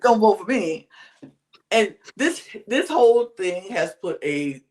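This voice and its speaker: A podcast co-host chats about a reality show, reenacting the other people's remarks, some in whispers, with stretched-out slangy exclamations. The mid-range voice has lively intonation and a slightly mellow quality.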